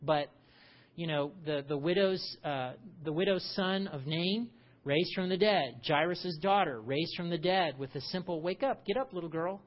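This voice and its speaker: A man preaching a conversational sermon, animated and full of rhetorical questions. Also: on the high side, measured pace, highs cut off. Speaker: pastor.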